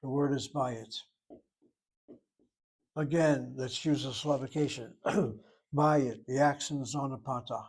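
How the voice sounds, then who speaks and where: A man's voice: medium pitch, steady tone, measured pace, pauses often, a little mellow, a little hiss or hum. Man, Hebrew teacher, methodical, explains step by step, informal lesson.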